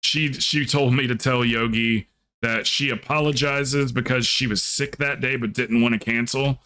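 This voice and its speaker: A man from the American South with a mild Southern accent, telling stories in a relaxed, rambling way during a casual stream chat. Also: mid-range voice, moderate pace.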